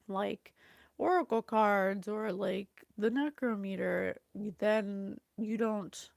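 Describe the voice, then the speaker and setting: A woman's voice: medium pitch, creaky, no echo, clean studio sound. A woman hosting a casual spiritual livestream, chatty and effusive, thanking viewers and reading a psalm aloud. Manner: chatty, effusive, laughs often, reads scripture aloud. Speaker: psychic reading host.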